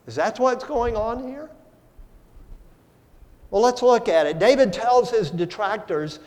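A male pastor preaching a sermon, slow and deliberate, with dramatic swings from soft to loud. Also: very high-pitched. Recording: long hall reverb.

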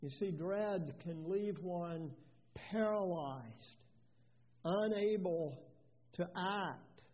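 Male pastor, deliberate sermon delivery, high and warm tone, lo-fi recording in a reverberant sanctuary. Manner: earnest, emphatic preaching with repeated phrases. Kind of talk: expository sermon. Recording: dull lo-fi sound with long reverb.

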